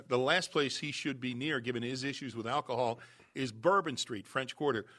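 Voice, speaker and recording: A man's voice: mid-range voice, moderate pace, sharp tone. Chatty male sports talk host. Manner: chatty, laughs easily, sets up clips. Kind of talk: sports talk show chat.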